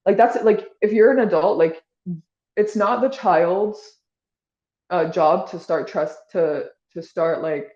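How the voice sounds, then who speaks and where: A woman's voice: on the low side, slow pace, warm tone, echoey room, lo-fi sound. A woman being interviewed, talking in a casual, rambling way with lots of "like" and restarts. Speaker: podcast guest.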